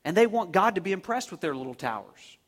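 Lively, high-voiced male preacher. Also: fast, in a large hall. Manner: emphatic, repeats key phrases, rhetorical questions. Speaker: pastor. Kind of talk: sermon.

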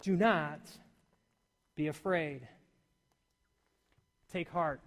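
A man preaching a sermon to a congregation, animated and full of questions to his listeners. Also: fairly high pitch, very slow. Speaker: pastor. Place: church hall. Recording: long hall reverb.

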